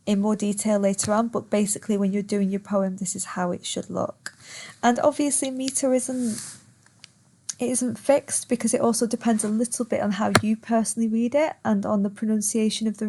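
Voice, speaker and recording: A woman gives a recorded online lesson at an ordinary, mid-height pitch. She talks patiently and steps through each point one by one, stretching words out slowly to demonstrate them. Faint keyboard typing can be heard in the background. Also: a little mellow. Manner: patient, explains step by step, stretches words to show stress. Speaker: teacher.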